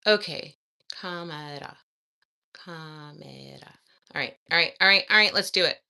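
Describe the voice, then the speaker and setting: A language learner vlogger with a medium-pitched, bright, pushed voice talks fast to her viewers in a casual study vlog. She reads practice exercises aloud and giggles as she works through them.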